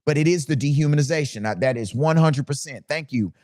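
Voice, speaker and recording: A man's voice: on the high side, quick pace, a little mellow, no echo, studio quality. A man who works as a DJ, talking casually to camera in a ranting monologue full of rhetorical questions.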